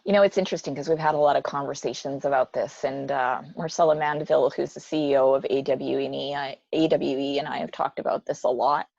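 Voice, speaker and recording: A middle-aged woman being interviewed in a casual chat, frank and quick to answer, often laughing. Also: a bass voice, fairly even intonation, vocal fry, darkish tone, dry recording, highs cut off. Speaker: interview guest, business leader.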